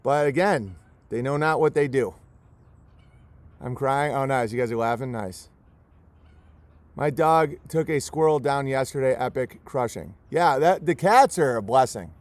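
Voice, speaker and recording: A man's voice: mid-range voice, a little slow, long pauses, dry recording. A man hosting a livestream, delivering a profane, sarcastic, mocking rant. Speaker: livestream host. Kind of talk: profane ranting monologue.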